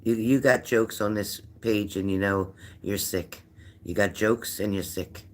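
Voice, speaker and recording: A man's voice: on the low side, steady tone, a little slow. Tired older man chatting on a livestream. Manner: chatty, rambling, greets viewers by name. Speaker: psychic livestream host. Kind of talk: casual livestream chat reading viewer comments.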